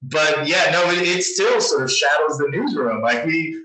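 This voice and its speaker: A man's voice: on the high side, expressive, moderate pace, sharp tone. A man who works as a newspaper journalist tells a story in a casual interview, rambling with many restarts and frequent laughs. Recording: roomy distant mic.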